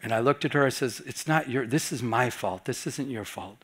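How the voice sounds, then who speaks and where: A middle-aged man, a pastor, telling a personal story during a Bible study, acting out his own reactions with lively swings between loud and soft. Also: medium pitch, normal speed, slightly rough.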